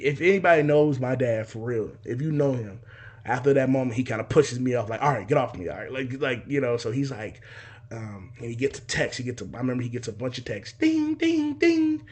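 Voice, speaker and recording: A man's voice: mid-range voice, fast talker, breathy edge. A young man casually telling a personal story, swearing freely and acting out other people's voices and sound effects. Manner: animated, profane, acts out voices and sound effects.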